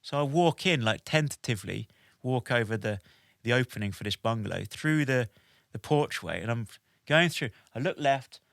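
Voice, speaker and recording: A man in his forties, a podcast guest telling a lively anecdote in an animated way, with lots of "like" and "basically". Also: medium pitch, moderate pace, gravelly, no echo, studio quality. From United Kingdom. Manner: animated, with many "like" and "basically" fillers. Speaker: podcast guest, military veteran.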